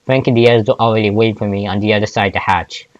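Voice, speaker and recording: Low-voiced man reading fan fiction. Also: steady tone, very fast, no echo, highs cut off. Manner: stumbling, restarting words while reading. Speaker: fanfic reader.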